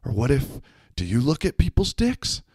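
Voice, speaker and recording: A man's voice: mid-range voice, wildly swooping pitch, moderate pace, darkish tone, breathy edge, dry recording, studio quality, voice pushed up. A man doing a bashful, anxious young guy. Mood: worried.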